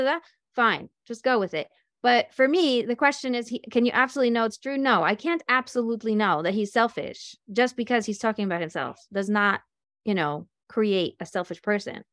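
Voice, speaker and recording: A woman's voice: mid-range voice, no room sound, clean studio sound. A woman giving an informal talk to a group, explaining ideas through examples and acting out little scenes with voices. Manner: animated, acts out scenes with voices. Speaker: speaker teaching self-inquiry.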